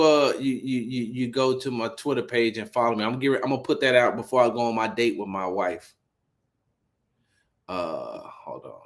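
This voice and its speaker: A man hosting a casual sports talk livestream, animated and incredulous, repeating himself as he gets worked up. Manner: animated, incredulous, repeats himself, rising pitch when riled up. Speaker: host of a sports talk stream.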